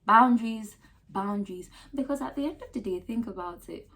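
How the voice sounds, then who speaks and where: A woman with a Ghanaian accent giving casual advice to camera in an emphatic, animated way, full of rhetorical questions. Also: mid-range voice, brisk. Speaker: lifestyle vlogger.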